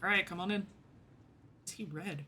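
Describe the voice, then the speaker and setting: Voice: mid-range voice, normal speed, background noise. A gaming streamer giving casual, jokey commentary, often flustered, reading game text aloud as they play. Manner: chatty, jokey, easily flustered.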